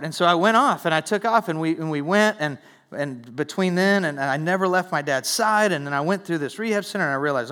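A young man preaching and telling his own testimony, earnest, repeating words and falling to a hush at low moments. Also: animated, fast. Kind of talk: sermon testimony.

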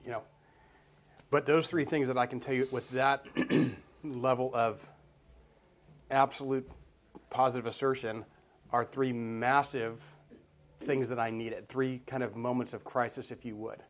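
Earnest and casual, a man in his forties gives a teaching talk to a church group as a guest speaker, his stories full of restarts. He speaks a little slowly with frequent pauses, in a steady, mid-range voice. A children's group is next door to the meeting room, and the recording is dull and lo-fi.

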